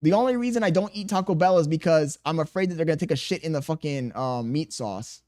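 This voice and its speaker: A man's voice: a little high, quick pace, a little mellow. A man in his thirties streaming live, reading viewers' chat aloud and answering with crude jokes and laughter. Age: 30s.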